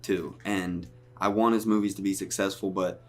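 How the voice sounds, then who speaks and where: A man's voice: deep voice, fairly even intonation, normal speed. A man co-hosting a casual podcast chat, talking heatedly and emphatically and swearing freely. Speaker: podcast co-host.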